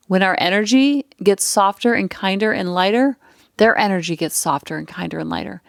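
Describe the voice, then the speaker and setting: A woman's voice: medium pitch, fairly quick, vocal fry, no room sound. Earnest woman podcast host, dry sound. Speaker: podcast host, parenting coach. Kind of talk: casual solo podcast talk. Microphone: close podcast mic.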